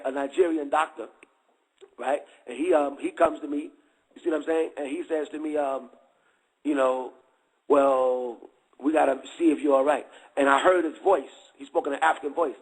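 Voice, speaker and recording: A man's voice: fairly high pitch, slightly rough, low-quality recording. A middle-aged man giving a candid testimony in street slang, checking again and again that listeners follow.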